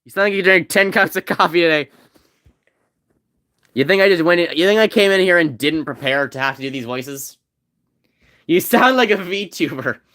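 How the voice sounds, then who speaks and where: A man's voice: high voice, a bit bright. A man streaming a game, chatting casually and joking with his viewers in a rambling way. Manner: rambling, joking, talks to chat. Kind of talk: casual gameplay chat.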